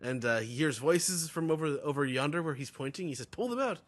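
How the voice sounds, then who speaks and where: A man's voice: fairly high pitch, fairly quick. A man hosting a podcast, reading aloud and chatting casually with fillers. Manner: reads aloud animatedly, with fillers. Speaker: podcast host. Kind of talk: casual recap chat.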